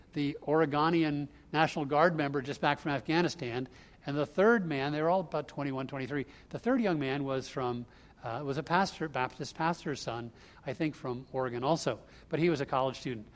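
A man tells a story without a script, his voice sitting a little high for a man. He pauses often on "uh" and restarts his sentences as he works through the details. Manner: halting, many fillers and restarts. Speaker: speaker recounting a news event. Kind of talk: unscripted spoken storytelling.

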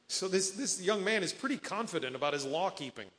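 A male pastor delivers an earnest sermon, quoting scripture and acting out the people in his stories. His voice sits a little high for a man and rings with the long reverb of a big hall. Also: animated, a little fast, a bit bright. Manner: earnest preaching, quoting scripture and voicing imagined speakers.

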